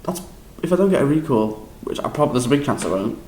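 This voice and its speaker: A young man with a Scouse accent talks through his audition in a loose, rambling vlog, tripping over his words and laughing at himself. His voice sits at an ordinary middle pitch, and the room around him rings with noticeable echo. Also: quick pace. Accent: Liverpool. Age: young adult. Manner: rambling, excitable, self-deprecating, frequent restarts and laughs. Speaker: drama school applicant. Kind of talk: casual vlog recap.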